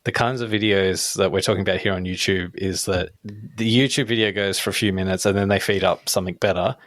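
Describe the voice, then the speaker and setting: A man's voice: low voice, fairly even intonation, brisk, a bit bright, no room sound, clean studio sound. A middle-aged man co-hosting a podcast in casual chat, rambling with many restarts and "right?" tag questions. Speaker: podcast co-host.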